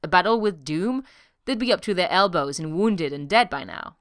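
Smooth low-voiced woman narrating. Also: animated, normal speed, dry recording, studio quality. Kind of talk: audiobook narration of fan fiction.

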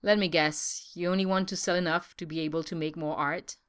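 A woman voicing a gentle, wry man who talks softly, fond yet exasperated. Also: lowish voice, steady tone, brisk, clean tone, lightly acted.

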